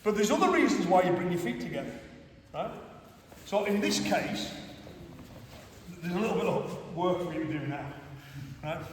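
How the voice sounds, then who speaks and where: High-voiced Cumbrian man teaching in a hall. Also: expressive, normal speed, pauses often, a little hiss or hum. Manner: chatty, keeps checking in with the class. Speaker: karate instructor. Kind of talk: teaching a class. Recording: echoey hall from far off.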